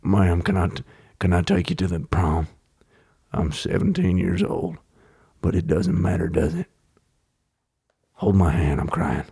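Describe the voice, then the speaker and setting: A man putting on the deep, low voice of a Southern Western man with a slow Southern US drawl, for a podcast impression. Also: expressive, vocal fry, mellow, slightly rough, exaggerated voice. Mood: mock tender.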